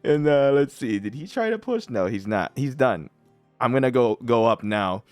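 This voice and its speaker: A man's voice: mid-range voice, animated, moderate pace, darkish tone, clear, resonant tone, no room sound. A chatty man who keeps laughing as he talks through his strategy game. His voice sits in a middling range and sounds close and dry on the mic. Faint background music plays underneath. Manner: chatty, laughs a lot, teasing. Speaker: mobile game streamer. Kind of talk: casual gameplay commentary.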